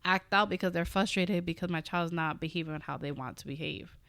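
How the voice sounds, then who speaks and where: A woman hosting a podcast, chatting casually, supportive and quick to laugh and agree. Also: lowish voice, fairly bright tone, no echo. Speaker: podcast host. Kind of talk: casual chat.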